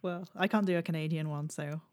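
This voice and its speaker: Woman co-host, low-ish voice, quick laugh, brief replies, dry close mic. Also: fairly even intonation, darkish tone, no room sound. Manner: laughs often, short agreeing replies. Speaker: podcast co-host. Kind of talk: casual chat.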